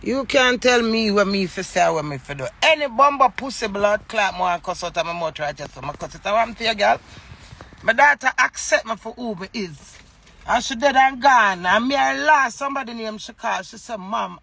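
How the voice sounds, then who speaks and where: A woman's voice: a little high, expressive, a little fast, gravelly, pushed and bright. A middle-aged woman with a Jamaican accent, talking to camera in a rambling, emotional monologue full of swearing and defiance. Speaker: vlogger.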